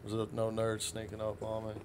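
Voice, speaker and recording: A man casually commentating on his first playthrough of a game, swearing often and reacting loudly to sudden threats. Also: fairly low pitch, completely flat delivery, brisk, slight background noise. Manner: profane, jumpy reactions to the game. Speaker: gaming channel host. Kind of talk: let's play commentary.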